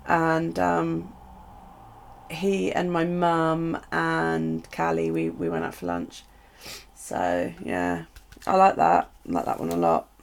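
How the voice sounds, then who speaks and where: Middle-aged british woman on a craft live stream, heavy vocal fry, chatty and gushing. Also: deep voice, slow. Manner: chatty, gushing over craft supplies, talks to viewers. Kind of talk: casual chat while unboxing.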